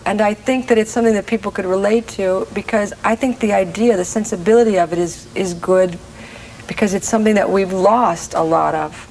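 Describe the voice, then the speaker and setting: A woman in her forties talks earnestly as a guest in a casual television interview. She often stops and restarts her sentences. Her voice is soft and dark, with a faint hiss in the background. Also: mid-range voice, low-quality recording. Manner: earnest, halting, many restarts. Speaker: guest actress.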